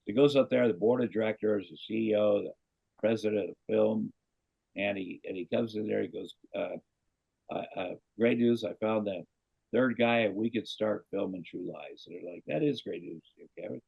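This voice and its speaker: A man's voice: fairly low pitch, normal speed, gravelly, husky. A middle-aged man from Iowa, a comedian guest, telling a long anecdote and acting out the voices of the people in it. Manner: animated anecdote teller, acts out quoted voices. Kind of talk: casual storytelling interview. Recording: dull lo-fi podcast audio.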